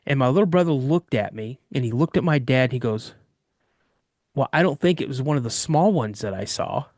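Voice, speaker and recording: A man from Washington State telling a childhood story in a casual first-person way, acting out the dialogue in quick, animated bursts. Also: medium pitch, no room sound, clean studio sound. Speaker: eyewitness recounting a personal encounter.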